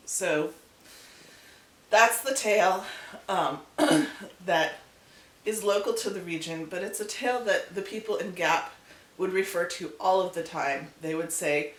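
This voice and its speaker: A woman hosting her channel, telling a folk tale in a casual, animated way with chatty asides. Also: lowish voice, unhurried. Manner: animated, repetitive storytelling with asides. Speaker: channel host and storyteller. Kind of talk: casual storytelling vlog. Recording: echoey room, distant mic, faint hiss.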